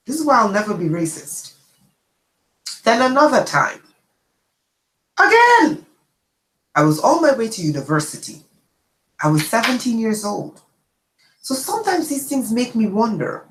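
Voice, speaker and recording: Animated, chatty woman storyteller, roomy sound. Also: mid-range voice. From immigrant to the United States. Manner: chatty, animated, checks in with "okay?". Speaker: channel host. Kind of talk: casual livestream storytelling.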